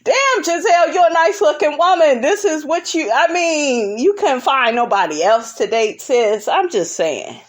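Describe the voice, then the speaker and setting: Sassy lady dishing on reality tv, kinda high voice, swoops up and down, says honey a lot. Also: measured pace, hardly any pauses. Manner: sassy and animated, constantly saying "honey"; big swoops of pitch for emphasis. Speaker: reality TV recap vlogger. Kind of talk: casual recap commentary.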